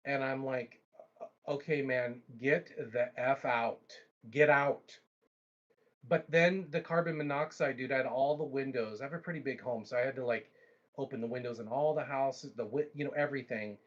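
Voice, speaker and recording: Guy rambling thru a story on his stream, kinda muffled lo-fi audio, mid pitch. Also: brisk. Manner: animated, rambling, frequent restarts. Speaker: livestream host. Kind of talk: casual storytelling.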